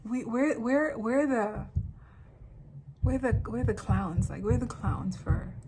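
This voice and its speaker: A woman from Africa talking straight to camera in a casual, animated monologue, full of rambling asides. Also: on the high side, slow pace, noisy background. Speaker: vlogger.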